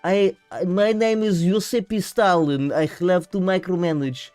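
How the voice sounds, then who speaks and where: A man doing a slow, theatrical impression of a male dictator with a mock Russian accent. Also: high voice, steady tone, darkish tone, smooth, soft background music. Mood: hammy. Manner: slow, drawn-out, theatrical delivery.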